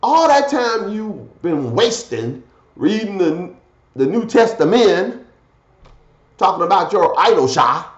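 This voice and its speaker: A man preaching a fiery scripture sermon, swinging from loud declaiming to low muttered asides. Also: sing-song, slow pace, roomy sound, highs cut off.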